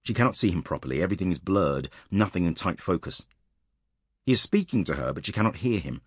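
A man narrating an audiobook in a measured, tense storytelling manner, recorded close in a dry studio. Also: low-pitched, animated, breathy edge, no echo.

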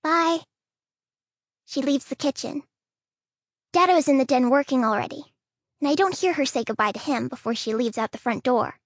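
Woman audiobook narrator, high, soft, childlike first-person read, dry studio sound. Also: expressive, fairly quick, no echo.

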